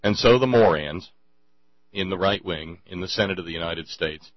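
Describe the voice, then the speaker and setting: A man's voice: sits low, normal speed, no room sound, highs cut off. A man hosting a show, rambling sarcastically in casual commentary, stumbling over restarts.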